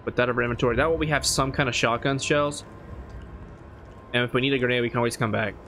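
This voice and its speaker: A man narrating his own horror game run, muttering plans and then shouting in panic when chased. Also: medium pitch, steady tone, fast talker, slight background noise. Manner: swings from mumbled planning to panicked yelling. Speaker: gaming YouTuber. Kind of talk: let's play commentary.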